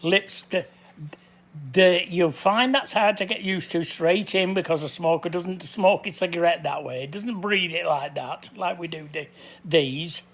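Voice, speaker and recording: An older man talking straight to camera in a casual, plain-spoken way, with a voice pitched a little on the high side for a man. He is blunt and keeps circling back to the same points. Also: measured pace, fairly bright tone. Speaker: vlogger.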